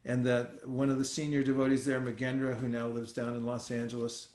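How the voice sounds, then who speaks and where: A man leading an informal scripture class, talking in a relaxed, conversational way with many fillers and restarts. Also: mid-range voice, a little fast. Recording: roomy echoey sound.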